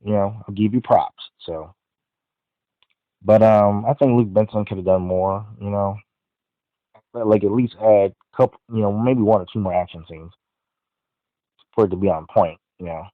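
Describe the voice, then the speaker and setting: A man's voice: lowish voice, steady tone, normal speed, long pauses, no echo. Podcast guy reviewing a movie, lots of "you know" and restarts, thin tinny phone sound. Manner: rambling, many fillers and restarts. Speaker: podcast host.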